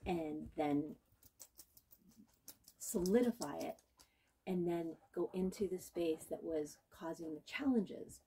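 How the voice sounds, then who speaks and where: A woman dog trainer giving calm, patient instruction while working with a puppy, coaxing and praising it. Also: lowish voice, slow, long pauses, breathy edge. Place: indoor training room.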